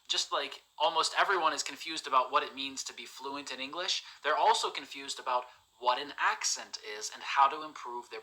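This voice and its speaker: Bright, emphatic male English teacher. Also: on the high side, poor audio. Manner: emphatic, direct, repeats key points. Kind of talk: motivational teaching monologue.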